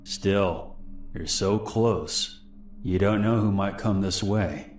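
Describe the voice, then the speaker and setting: A man voicing a smooth, creepy young stranger. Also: deep voice, takes it slowly, reverberant. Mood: falsely friendly. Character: smiling stranger man in his twenties, calm and menacing.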